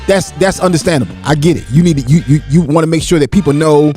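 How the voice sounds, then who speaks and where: A man's voice: fairly high pitch, fast, dark tone, faint music behind. A man hosting a casual live audio-room talk show, opinionated and preachy, often repeating and restarting words.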